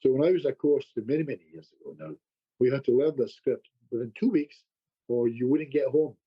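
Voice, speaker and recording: A husky-voiced man, middle-pitched, spins an anecdote as a podcast guest. He talks in animated bursts and trips over his own restarts. The audio is dull and lo-fi. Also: a little fast. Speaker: hypnotherapist guest. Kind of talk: storytelling in a podcast conversation.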